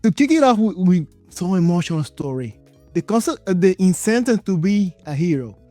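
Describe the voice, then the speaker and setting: A man's voice: high-pitched, very animated, moderate pace, dark tone, no echo, soft background music. A man with a Spanish accent hosting an interview, enthusiastic and stumbling over names. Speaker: interview host.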